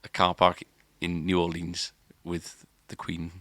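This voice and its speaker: A man's voice: sits low, completely flat delivery, unhurried, bright, forceful tone, no room sound. A man, a podcast co-host, telling a long story in casual chat, rambling with restarts and filler words.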